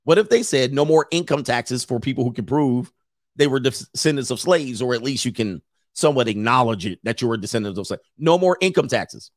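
Casting: male host, casual stream commentary, joking and animated, dry close mic. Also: mid-range voice, a little fast, no room sound. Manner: joking, animated riffing with laughs. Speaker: show host reading chat.

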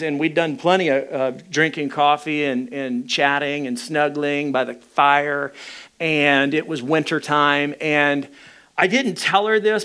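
A man's voice: a little high, a bit bright, clear, resonant tone. A man preaching a sermon, telling a personal story with candid, self-mocking humor. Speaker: pastor.

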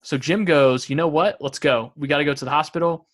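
A man's voice: fairly high pitch, brisk. A man co-hosts a laid-back podcast, chatting about a show with his co-host. He reads out favorite lines in a casual, amused way and laughs as he goes. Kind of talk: casual chat.

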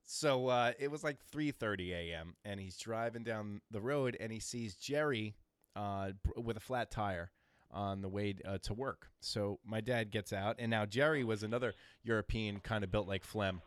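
A man in casual chat, telling rambling hometown stories with halting restarts. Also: fairly low pitch, clean tone, dry recording, studio quality.

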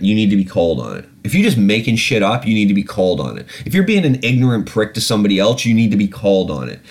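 A blunt British podcast host, heated and profane, venting in casual commentary. His pitch swings widely as he talks, rising sharply when he is exasperated.

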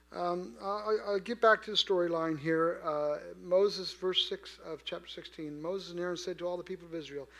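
A man preaching a sermon in a conversational way, asking his listeners questions and swinging from quiet to loud. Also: on the high side, creaky. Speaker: pastor.

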